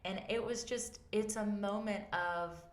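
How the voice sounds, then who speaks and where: A woman hosting a podcast, talking through her faith and family life in a casual, animated way and telling stories with emphasis. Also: medium pitch, measured pace, roomy sound. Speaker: podcast host.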